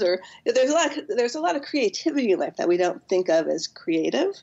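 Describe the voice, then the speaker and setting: A woman's voice: mid-range voice, very animated, fast, creaky, hardly any pauses, a little mellow, husky, highs cut off. A woman psychotherapist, a podcast guest, earnestly explaining with acted-out examples. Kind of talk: podcast interview.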